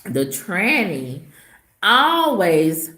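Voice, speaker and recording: A woman talks straight to her viewers in a relaxed vlog, spinning gossip with sass and sudden jumps in pitch. Her voice sits a little low and she takes her time. The room around her is echoey. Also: drawn-out words. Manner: sassy, gossipy storytelling with dramatic swoops in pitch. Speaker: vlogger. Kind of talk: casual vlog storytelling to viewers.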